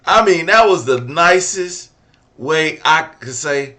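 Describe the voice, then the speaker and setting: A man reacting to a clip as the show's commentator, animated and mocking. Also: a little high, takes it slowly. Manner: animated and mocking, mimics others.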